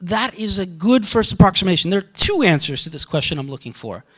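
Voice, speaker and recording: A man's voice: sits high, sing-song, fairly quick, fairly bright tone, husky. A man lecturing on linguistics to a class, thinking aloud with frequent restarts and fillers as he explains ideas. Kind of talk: university lecture.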